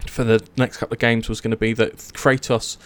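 A young man casually retelling myths, animated, swearing and acting out the characters' lines. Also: mid-range voice, brisk. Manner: animated storytelling, swears, acts out quotes. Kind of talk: casual chat.

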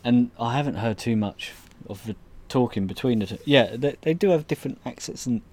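A man's voice: mid-range voice, fairly quick, darkish tone. A man in casual chat, recapping scenes hesitantly with lots of fillers and the odd swear word.

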